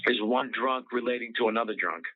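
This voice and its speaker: A man's voice: medium pitch, fairly quick. Profane ranting man on tinny audio. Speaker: comedian host. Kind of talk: casual podcast chat.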